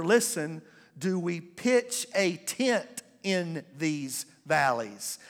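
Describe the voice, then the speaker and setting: Male pastor, high tenor, unhurried call-and-response preaching, reverberant sanctuary. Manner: call-and-response preaching, drawn-out emphatic words. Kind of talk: sermon. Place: church sanctuary.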